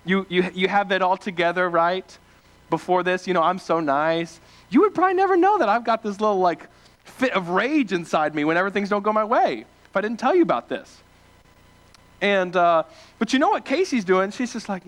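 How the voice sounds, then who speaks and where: Young male preacher from small-town Ohio, high voice, animated and filler-heavy storytelling. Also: brisk. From small-town Ohio, USA. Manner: animated, self-deprecating, many fillers and restarts. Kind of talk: casual storytelling sermon.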